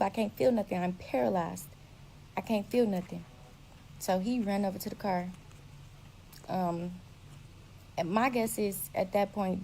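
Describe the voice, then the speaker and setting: A young woman telling her own story in a blunt, profane, animated way. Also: medium pitch, slight background noise, rough recording. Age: young adult. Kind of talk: casual storytelling.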